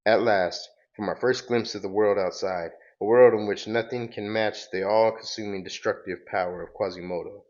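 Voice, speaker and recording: A man's voice: lowish voice, fairly even intonation, moderate pace, hardly any pauses, darkish tone, lo-fi sound, natural voice. A man voicing a grandiose, menacing male robot villain while reading a comic book aloud.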